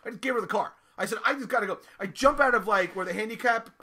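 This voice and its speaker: A middle-aged man telling a raunchy story in an animated, profane way, laughing often. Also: high voice, fast.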